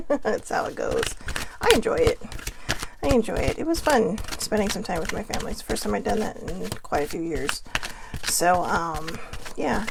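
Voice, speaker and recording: A woman hosting her own vlog, chatting casually with frequent fillers and laughs, telling stories with lively quoted voices. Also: mid-range voice, vocal fry, noisy background. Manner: animated, lively quoting in dream story. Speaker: vlog host. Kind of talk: casual rambling chat.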